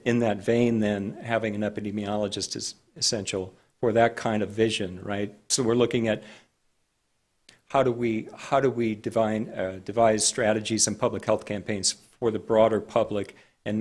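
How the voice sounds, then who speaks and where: A man speaking as a public health director at a county board meeting, measured and halting with frequent restarts. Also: fairly low pitch, little pitch movement, a little mellow.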